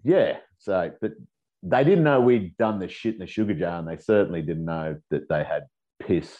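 A man's voice: low-pitched, expressive, normal speed, highs cut off. A middle-aged Australian man telling rambling, profane stories in a casual chat, laughing as he goes. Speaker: guest.

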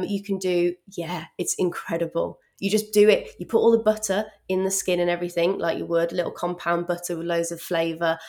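Bubbly woman guest on a podcast. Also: lowish voice. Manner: bubbly and animated, lots of "like" and "um". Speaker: cookbook author guest. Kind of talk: casual interview chat.

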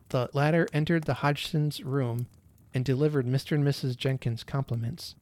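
Male storybook narrator, gentle, expressive, mid pitch, dry studio. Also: no echo.

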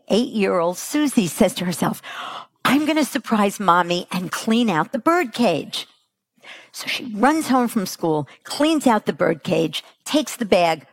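A middle-aged woman giving a motivational parenting talk to an audience. She acts out the quotes she tells, jumping her pitch for them. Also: vocal fry, no room sound, clean studio sound. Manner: animated, acts out quotes with big pitch jumps. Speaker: parenting coach speaker.

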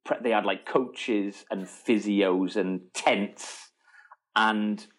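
A middle-aged man, telling a story as an interview guest, lively and laughing, often restarting his sentences. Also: on the low side, extremely slow. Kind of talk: casual storytelling.

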